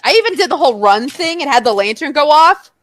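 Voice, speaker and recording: A young woman co-hosting a podcast in casual chat, telling stories in an animated way and acting out what people said. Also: high-pitched, fast, no room sound. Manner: animated storytelling, acts out quotes. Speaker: podcast co-host.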